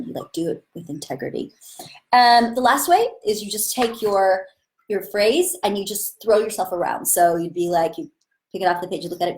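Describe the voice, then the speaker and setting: Woman, acting teacher, live-streamed lesson, enthusiastic, chatty, mid-pitched, webcam mic. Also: lively intonation, normal speed, darkish tone. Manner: enthusiastic, chatty, demonstrates with sudden bursts. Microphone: webcam or phone on a live stream.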